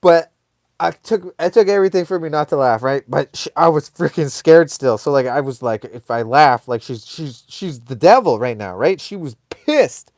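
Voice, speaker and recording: A man hosting a live online show, telling a comic story casually in a rambling, animated way full of fillers. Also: a little high, normal speed, hardly any pauses, no echo, clean studio sound.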